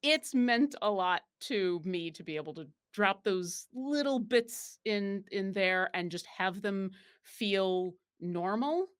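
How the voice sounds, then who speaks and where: A woman's voice: mid-range voice, slow pace, few pauses, clean tone. Woman, guest in a chat, rambling, fillers and restarts, easy laugh. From Buffalo, New York. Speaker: guest player. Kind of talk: casual interview chat.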